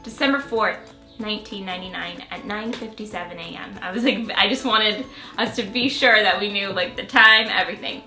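Bright, giggly woman in her late 20s. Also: mid-range voice, moderate pace, echoey room, faint music behind. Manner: giggly, laughs between lines. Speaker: vlogger. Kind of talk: casual reading aloud from a childhood diary.

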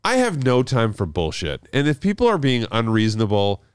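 A man in his forties, a podcast guest, telling a story in a lively way and acting out the people in it. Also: medium pitch, brisk, clear, resonant tone, no echo, clean studio sound. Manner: lively, acts out quoted voices. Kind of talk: animated storytelling.

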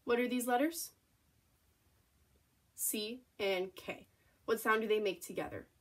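A young woman teacher giving a phonics lesson for children, slowly sounding out letters and praising the class. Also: on the high side, a bit bright. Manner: slow, encouraging, sounding out letters.

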